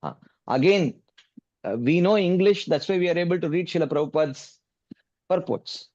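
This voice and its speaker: A man with a fairly high voice answers a student's question in a scripture class. He speaks in a measured, repetitive way, full of "you know" fillers. The sound is dull and dry. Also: expressive, a little mellow, no room sound. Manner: measured, repeats key points, many "you know" fillers. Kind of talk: explanatory Q&A teaching.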